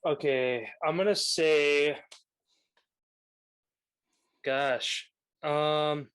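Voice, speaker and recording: Laughing, higher-voiced young man. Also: fairly even intonation, very slow, fairly bright tone, clean tone. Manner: laughs often, loose and joking. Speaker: podcast co-host. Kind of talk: casual sports chat.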